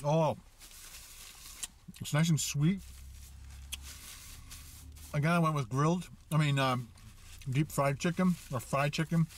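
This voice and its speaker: A man's voice: a little high, slow pace, long pauses, slight background noise. Middle-aged man, food vlogger in a car, casual, talks through mouthfuls. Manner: eating while talking, mouth full. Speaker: food reviewer. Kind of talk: casual food review vlog.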